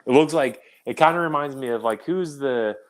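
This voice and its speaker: A podcast co-host chats casually in a brisk, medium-pitched voice. He's blunt and sarcastic and says "like" a lot.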